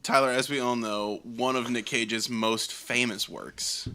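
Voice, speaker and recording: Man, slow pace, bright tone, deadpan, casual podcast chat. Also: mid-range voice. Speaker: podcast co-host.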